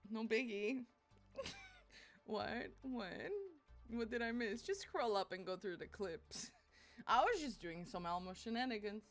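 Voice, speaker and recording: Giggly high-voiced woman streamer. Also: lively intonation, a little slow. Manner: giggly, playful, teasing. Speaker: live streamer. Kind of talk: casual stream chat. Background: faint music playing.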